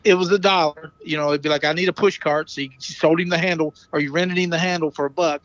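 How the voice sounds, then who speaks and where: A man's voice: on the high side, fairly even intonation, quick pace, a bit bright, no echo, highs cut off. A man co-hosting a casual podcast, telling rambling anecdotes and correcting himself as he goes. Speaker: podcast co-host, former caddie. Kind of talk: casual storytelling chat.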